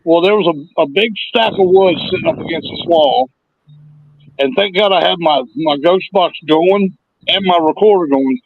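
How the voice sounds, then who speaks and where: Man, podcast co-host, gravelly higher voice, dull lo-fi remote line. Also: moderate pace, slight background noise. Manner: relaxed anecdotal storytelling. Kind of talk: casual chat.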